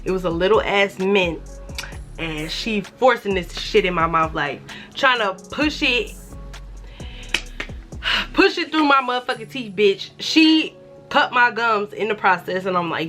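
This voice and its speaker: Young woman vlogger, bright tone, animated and profane storyteller, acts out other voices, faint music underneath. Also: medium pitch, measured pace, long pauses. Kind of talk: casual storytime.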